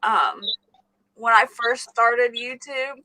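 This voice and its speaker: Giggly woman telling bright, lively stories. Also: on the high side, slow, no echo, poor audio. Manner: giggly, animated storytelling. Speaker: channel host. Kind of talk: casual live chat.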